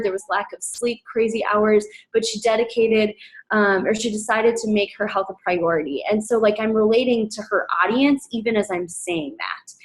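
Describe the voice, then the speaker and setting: A woman with a slightly high voice talks her team through her methods in a relaxed, chatty presentation. She is upbeat, trips over restarts and fillers, and jumps up into a bright excited voice whenever she quotes someone. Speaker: team coach sharing recruiting tips.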